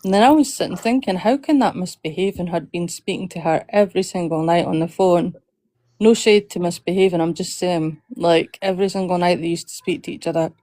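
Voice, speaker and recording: A woman's voice: lowish voice, fairly quick, mellow, no echo. A woman hosting a livestream, telling stories with lots of giggling. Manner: giggly storytelling. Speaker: livestream host. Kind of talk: casual chat.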